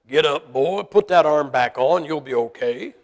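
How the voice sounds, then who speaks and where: A man voicing a gruff father who gives his son brisk, tough-love orders. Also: fairly high pitch, animated. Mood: bossy. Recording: long reverb of a large hall.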